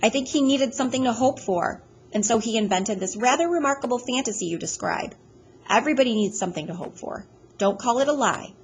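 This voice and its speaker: A woman voicing a weary, caring woman doctor in an audiobook, speaking gently, patiently and frankly. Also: on the high side, lively intonation, a little fast, a little hiss or hum, voice pushed up. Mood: gentle. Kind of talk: audiobook character voice.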